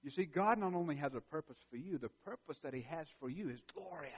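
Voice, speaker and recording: A man's voice: fairly high pitch, lively intonation, quick pace, few pauses, breathy edge. A man preaching a sermon as a pastor, emphatic and building in intensity, repeating key phrases for weight. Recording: dull recording with long hall reverb.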